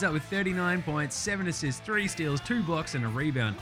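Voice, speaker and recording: A man hosting a casual sports recap, ranting excitably and swearing a lot. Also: a little high, a little fast, hardly any pauses, music in the background. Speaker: podcast host.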